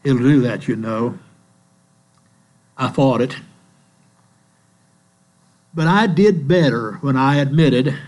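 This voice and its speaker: An older man preaching a sermon in a church, telling stories in a slow, earnest way. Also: medium pitch, darkish tone. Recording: mains hum in the background.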